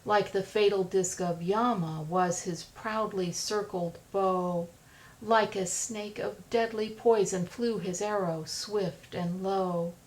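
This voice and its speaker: Slow woman reading epic verse. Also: mid-range voice, rough recording. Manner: steady rhythmic recitation. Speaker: audiobook narrator.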